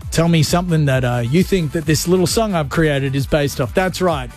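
A man's voice: on the high side, moderate pace, a little mellow, faint music behind. A man hosting a radio show, playful and jokey as he chats to listeners from his studio. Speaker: radio host. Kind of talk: energetic radio banter.

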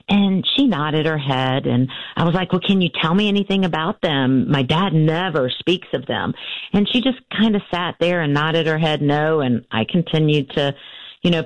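Woman in her 50s, author guest, earnest and halting, dry muffled recording. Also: a bass voice, no room sound. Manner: earnest, many ums and restarts. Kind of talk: interview storytelling.

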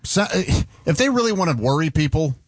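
A man's voice: a little high, sing-song, brisk, no room sound, clean studio sound. A man co-hosting a morning radio show, joking and asking playful questions. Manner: jokey, asks playful questions. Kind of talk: casual morning radio chat.

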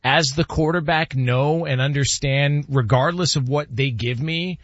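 A man's voice: a little high, unhurried, no echo, muffled recording. A man hosting a casual sports talk show, questioning and sounding baffled. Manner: perplexed, animated questioning with laughs.

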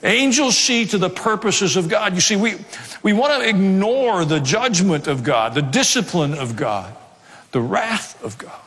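A middle-aged man preaching a sermon in a conversational way, mixing scripture with light humor and personal asides. His voice sits a little on the high side. The church hall rings with a long reverb. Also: animated, unhurried, fairly bright tone. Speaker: pastor. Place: church sanctuary.

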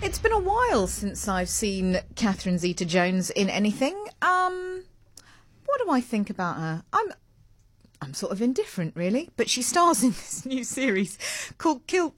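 A woman hosting a radio show, chatting casually and reacting brightly to her guest. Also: on the high side, very animated, moderate pace, breathy edge, dry recording, soft background music. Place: radio studio. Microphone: close studio mic.

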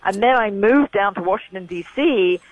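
A woman's voice: mid-range voice, moderate pace, dry recording, highs cut off. A woman in her sixties with an English accent, giving an interview as a guest and repeating her points for emphasis. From England. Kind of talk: remote interview.

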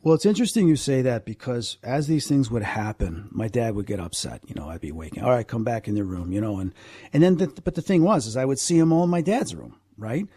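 Male guest, mellow and husky, animated storyteller with asides, dry close sound. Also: medium pitch, fairly quick, no echo. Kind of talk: storytelling in a conversation.

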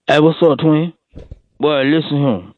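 A man's voice: a little high, dry recording. Man, phone caller, rambling comic rant, slangy, tinny phone line, dry sound. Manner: rambling, drawn-out, slangy, repeats himself. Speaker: regular comedy caller. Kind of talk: comedic call-in rant.

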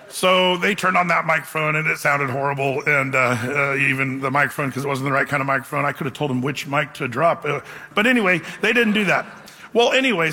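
A male pastor preaching a sermon, telling a self-deprecating story in an animated way before moving into scripture. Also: on the high side, big-room sound.

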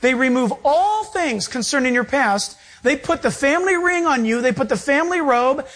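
A man preaching a sermon as pastor, animated and acting out quoted voices. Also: very high-pitched, brisk, hardly any pauses.

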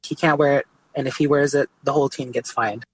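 Relaxed man telling a story. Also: mid-range voice, fairly quick, a little hiss or hum, low-quality recording. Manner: relaxed storytelling with frequent "like" and "you know" fillers. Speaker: guest artist. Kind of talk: casual conversational interview.

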